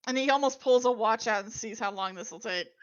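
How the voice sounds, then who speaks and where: A woman's voice: fairly high pitch, fairly quick, dull audio. A woman narrating as the game master of a tabletop game, describing what characters do.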